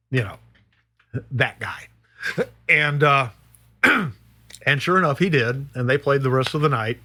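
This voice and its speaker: A middle-aged man, a guest musician, telling a story in a casual, animated way, swearing and peppering it with "you know". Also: medium pitch, a little slow, long pauses.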